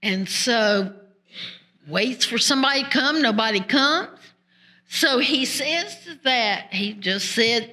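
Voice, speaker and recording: A woman tells a folk tale to listeners in a folksy, conversational manner, with rural turns of speech. Her voice is bright and fairly high, and she takes her time. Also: lively intonation, slow pace. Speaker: storyteller.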